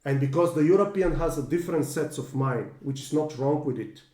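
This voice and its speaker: Hesitant man with a mellow voice. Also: a little high, fairly quick, reverberant. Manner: hesitant, many fillers and restarts, earnest. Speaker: podcast co-host. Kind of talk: casual discussion.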